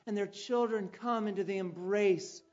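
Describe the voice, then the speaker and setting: A man's voice: sits high, steady tone, moderate pace, lo-fi sound. Man preaching a dramatic sermon story. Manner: storytelling, dramatic with sudden loud calls. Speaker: pastor.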